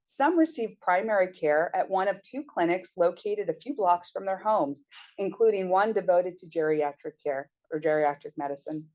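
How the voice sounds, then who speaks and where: A woman professor reads passages from her own book during a lecture. Her voice is low-pitched and her delivery is measured, with occasional restarts. The recording sounds a little muffled. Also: darkish tone. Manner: measured, with small restarts and fillers. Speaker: sociology professor.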